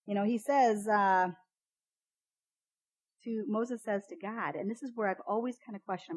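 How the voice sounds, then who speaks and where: A woman giving a casual, chatty devotional Bible teaching, often repeating "you know, the thing is" and jumping up in pitch when acting out quotes. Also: lively intonation, moderate pace, rough recording.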